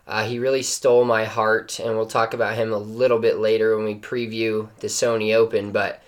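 A man's voice: on the low side, little pitch movement, moderate pace. Rambling, enthusiastic man on a call. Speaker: podcast co-host. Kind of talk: casual sports chat. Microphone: video call.

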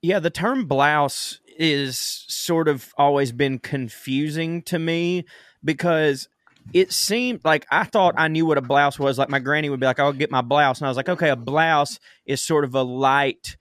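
A man's voice: mid-range voice, measured pace, a bit bright, no room sound, clean studio sound. Easygoing man co-hosting a podcast. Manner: easygoing, joking, storytelling. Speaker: podcast co-host. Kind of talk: casual chat.

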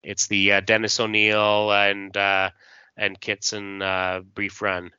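A man with a bright, forward voice recaps a comic book on a podcast, stumbling through fillers as he reads the dialogue aloud. The recording is dry and slightly muffled. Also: lowish voice, completely flat delivery, takes it slowly, clean tone, dry recording. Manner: hesitant, many fillers, acts out dialogue. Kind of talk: casual comics discussion, reading panels aloud.

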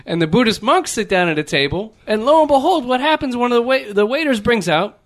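A man telling a travel story in casual podcast chat, acting out the quotes with big jumps in his voice. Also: a little fast. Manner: animated, plays out quotes with big pitch jumps. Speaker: podcast regular.

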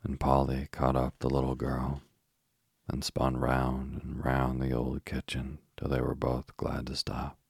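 A man narrating a storybook in a low gravelly voice, measured and unhurried. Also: monotone, a little mellow, no room sound, clean studio sound. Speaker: audiobook narrator. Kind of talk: storybook reading.

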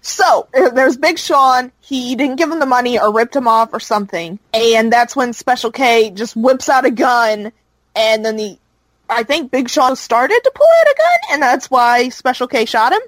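Higher-voiced woman recapping a show, dry mic. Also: lively intonation, normal speed, no room sound, poor audio. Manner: rambling recap with fillers, laughs easily. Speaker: podcast co-host recapping a show. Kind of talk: casual chat.

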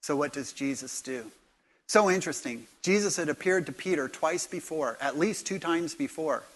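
A middle-aged man, a pastor, preaching a sermon and telling stories, swinging from hushed, quiet lines to loud, lively ones. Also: fairly high pitch, moderate pace.

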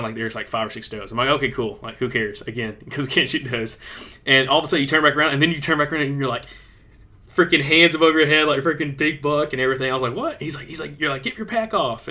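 Guy on a hunting podcast, bright kinda forceful voice, excited storytelling, says like a lot. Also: mid-range voice, very fast. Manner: animated, excited retelling with many "like" fillers. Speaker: podcast co-host.

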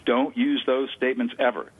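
Over a tinny phone line, a male guest expert on conflict de-escalation explains a listening technique in an interview. His voice is medium-pitched, slightly rough and unhurried, with a flat delivery, yet he speaks with enthusiasm and repeats words for emphasis.

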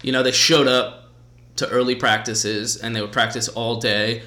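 A male podcast host chatting casually, spinning an animated, expletive-laced story. His pitch sits in a middling range for a man, neither deep nor high. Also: normal speed.

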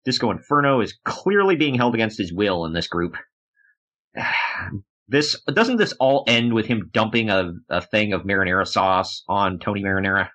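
A man's voice: on the low side, normal speed. A man co-hosting a casual podcast, joking around and acting out quotes in funny voices as he recaps matches. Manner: animated, jokey, acts out quotes in funny voices. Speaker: podcast co-host reviewing wrestling. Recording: dull lo-fi sound.

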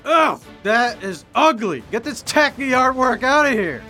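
A man voicing a brash, self-absorbed young male cartoon reporter who yells and bosses his assistant around. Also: sing-song, measured pace, soft background music, exaggerated voice. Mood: smug. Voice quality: high, yelling and bossy. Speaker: field reporter. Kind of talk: cartoon voice acting.

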